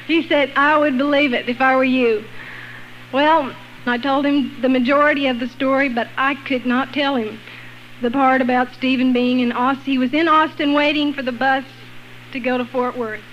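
A woman telling a personal faith testimony in a lively way, acting out the voices she quotes. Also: high voice, normal speed, lo-fi sound, slight background noise. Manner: lively, acts out quoted voices, laughs between lines. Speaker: guest sharing a personal testimony. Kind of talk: animated storytelling testimony.

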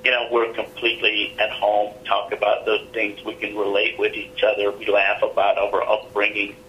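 A man's voice: on the low side, monotone, normal speed, highs cut off, a little hiss or hum. A middle-aged man, an interview guest, telling a personal story in an earnest, plainspoken way.

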